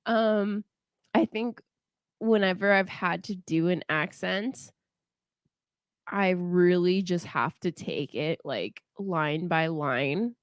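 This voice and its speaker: A woman's voice: on the low side, slow, clear, resonant tone, dry recording, studio quality. An American woman co-hosting a podcast, chatting casually and laughing often. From United States. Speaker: podcast co-host. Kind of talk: casual chat.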